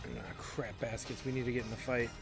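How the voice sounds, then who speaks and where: A man chats casually over gameplay, rambling and muttering to himself between tips and mild joke curses. His voice sits at a middle pitch, and soft background music runs underneath. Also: little pitch movement, fairly quick. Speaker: let's play host.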